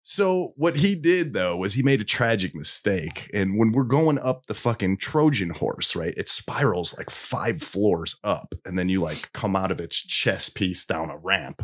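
A man casually telling a long anecdote on a podcast, profane and animated, slipping into voices of the people he describes. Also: lowish voice, unhurried, hardly any pauses. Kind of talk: casual storytelling chat.

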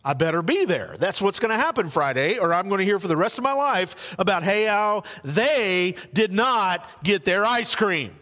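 A male pastor preaching a sermon in an earnest, conversational way, shifting between soft and emphatic delivery in a church sanctuary. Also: sits high, big pitch swings, moderate pace, hardly any pauses, long reverb tail.

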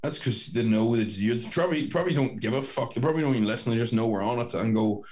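A man's voice: mid-range voice, quick pace, a little mellow. A young Northern Irish man co-hosting a podcast over a video call, rambling and swearing in casual chat. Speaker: podcast co-host. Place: sister's bedroom at home.

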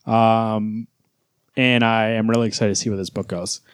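A man's voice: fairly low pitch, little pitch movement, moderate pace, clean tone, no echo. A man co-hosting a podcast in casual chat, teasing his friends and speaking bluntly with plenty of swearing. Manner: teasing, blunt, curses freely. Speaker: podcast co-host.

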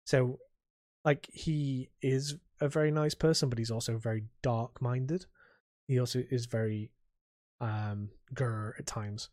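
A man's voice: mid-range voice, fairly even intonation, darkish tone, no echo. Rambling man on a dry podcast mic. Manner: rambling, halting, with frequent restarts and laughs. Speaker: podcast co-host. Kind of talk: casual chat.

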